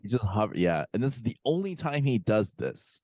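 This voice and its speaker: A man's voice: lowish voice, very animated, brisk, a little mellow, no room sound. A man co-hosting a podcast over a video call, talking in a laid-back, drawling way with lots of fillers. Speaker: podcast co-host. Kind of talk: casual chat reviewing a film.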